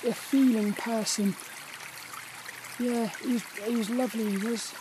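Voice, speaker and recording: A vlogger with an English accent chatting quietly and rambling while walking by a river in the woods. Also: mid-range voice, fairly even intonation, a little slow, noisy background. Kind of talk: casual walk-and-talk vlog. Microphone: camera carried while walking.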